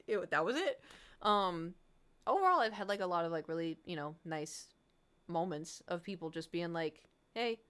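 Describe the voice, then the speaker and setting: Young female streamer, smooth and clear voice, casual stream chat at home, animated and self-conscious, acts out each quote. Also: lowish voice, a little fast.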